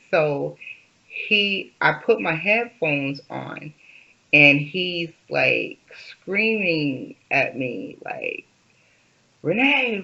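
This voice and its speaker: A woman's voice: low-pitched, bright, forceful tone, muffled recording. A woman vlogger telling a personal story in a rambling, casual way, full of fillers and restarts.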